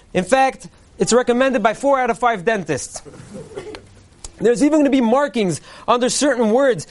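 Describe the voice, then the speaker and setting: Guy a high voice, spoofing a rabbi's sermon, preachy cadence, deadpan jokes. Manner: mock-earnest preacher cadence, deadpan punchlines. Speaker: comedian delivering a mock Purim Torah speech. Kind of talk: parody sermon, stand-up delivery.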